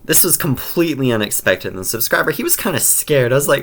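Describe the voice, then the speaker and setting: A man's voice: mid-range voice, very animated, fast, hardly any pauses, a bit bright. A man telling a casual storytime over gameplay, rambling in slang and filling his talk with "like" and "bro". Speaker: storytime narrator.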